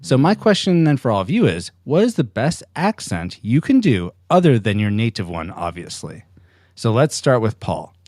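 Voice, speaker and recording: A man hosting a casual podcast chat, animated and laughing as he quizzes his co-hosts. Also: medium pitch, moderate pace, no room sound, studio quality. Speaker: podcast host.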